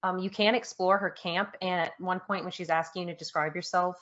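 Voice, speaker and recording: A woman's voice: on the low side, steady tone, fairly bright tone, highs cut off. Chatty, laughing woman on a podcast. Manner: chatty, laughs often, fills pauses with um. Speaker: podcast panelist. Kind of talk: casual podcast discussion.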